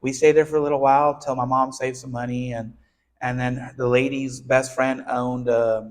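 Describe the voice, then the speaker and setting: A man's voice: medium pitch, flat delivery, moderate pace. A man who founded a nonprofit tells his childhood story in a casual, earnest interview. He talks conversationally, with many restarts and "you know"s. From United States (born in Texas, raised in southern California).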